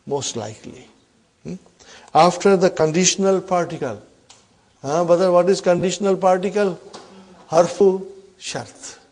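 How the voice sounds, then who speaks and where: A man teaching an Arabic grammar class, repeating example sentences slowly and often checking in with the students. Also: high voice, a little mellow. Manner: checks in often with "huh?" and "are you with me".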